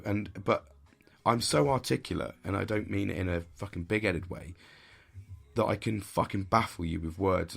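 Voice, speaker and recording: A podcast host with a lowish, fairly bright voice and vocal fry delivers a candid monologue. He is blunt and intense, swearing heavily and pushing his points hard.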